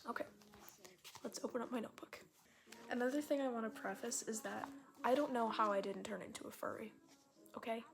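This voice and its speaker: A woman's voice: on the high side, a little fast, vocal fry, pauses often, noisy background. A young woman vlogger reading her childhood stories aloud, chatty and self-mocking, sometimes dropping to a near whisper, at home. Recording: faint music playing in the room.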